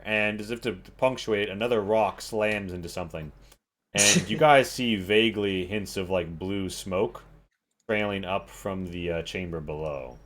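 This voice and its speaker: A man narrating a tabletop role-playing game as game master, in loose narration full of fillers. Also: low voice.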